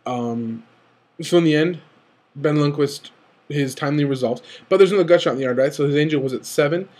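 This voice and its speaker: Excitable young man breaking down a game. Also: a little high. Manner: eager, rambling, often rushes and self-corrects. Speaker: card game video commentator. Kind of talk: excited game analysis commentary.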